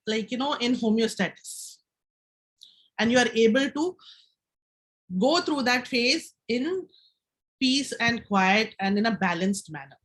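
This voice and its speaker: A woman's voice: on the high side, a bit bright. A woman speaking at a live health session, explaining and guiding the audience through a breathing exercise while checking in with them.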